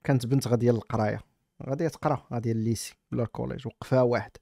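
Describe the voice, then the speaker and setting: A Moroccan-accented man rattles off reaction commentary at breakneck speed, scoffing at what he watches. His voice sits at an ordinary middle pitch and comes through close to the mic, with a dry, dead sound and no room around it. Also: steady tone, creaky, warm tone, dry recording. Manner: rapid, mocking, switches between languages. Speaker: streamer reacting to a video.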